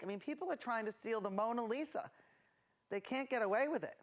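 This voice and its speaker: A woman's voice: fairly high pitch, fairly quick. A middle-aged woman hosting a painting lesson, rambling through self-mocking stories as she paints. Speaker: painting show host.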